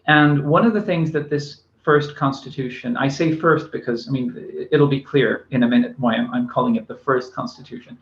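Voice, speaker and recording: A man's voice: medium pitch, normal speed, hardly any pauses. A man giving a recorded university lecture, speaking with many fillers and restarts. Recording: echoey room, dull lo-fi sound.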